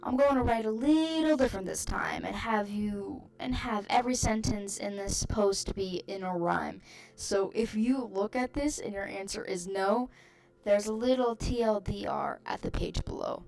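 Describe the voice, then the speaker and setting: A woman's voice: mid-range voice, a little mellow. A woman hosting her channel, reading a rhyming online post aloud with amused, giggly asides.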